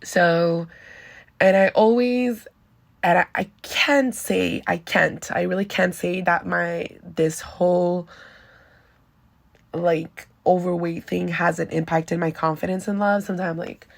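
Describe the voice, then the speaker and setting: Candid woman host with a gravelly edge. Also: fairly low pitch, steady tone, slow pace. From Venezuela. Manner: candid and chatty, heavy use of "like". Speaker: podcast host. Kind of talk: casual personal monologue.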